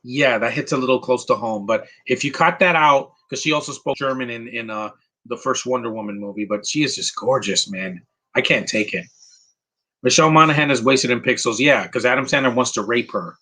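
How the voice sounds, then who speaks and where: A man talks over a movie as it plays, rambling from one gripe to the next with lots of "uh"s and false starts. His voice is bright and a bit husky, and he is blunt and opinionated throughout. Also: medium pitch, a little fast, low-quality recording. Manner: rambling, opinionated, frequent fillers and restarts. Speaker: movie commentator. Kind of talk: casual live movie commentary.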